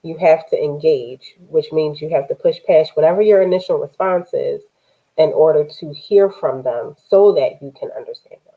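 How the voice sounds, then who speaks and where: A woman co-hosting a live discussion show, speaking in a measured, reflective way with frequent pauses. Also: deep voice. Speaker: podcast co-host. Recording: tinny phone-like line.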